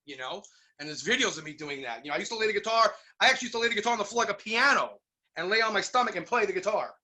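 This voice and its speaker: A middle-aged man from New York telling stories in a casual interview, animated and acting out the voices of people he quotes. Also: high-pitched, racing. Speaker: guest musician.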